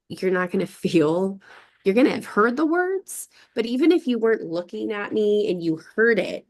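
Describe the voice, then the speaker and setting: A middle-aged woman with a slightly low voice, speaking in a relaxed group conversation. She thinks aloud in long winding sentences, often pausing to ask "right?" as she goes. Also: creaky. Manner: reflective, speaks in long thoughtful runs, often checks in with "right?". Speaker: podcast guest. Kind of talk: casual discussion.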